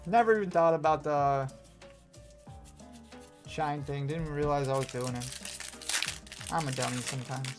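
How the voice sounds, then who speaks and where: A man's voice: fairly high pitch, moderate pace, pauses often, over music. A man with a Wisconsin accent hosting a live stream, opening card packs and reading out chat, chatty and self-deprecating with frequent laughs. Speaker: host.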